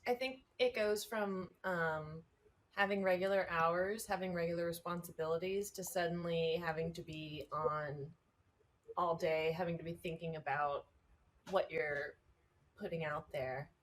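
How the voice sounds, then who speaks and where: A woman's voice: on the low side, fairly even intonation, measured pace. Young woman co-host, casual chat. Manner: chatty, many "like" fillers. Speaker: podcast co-host.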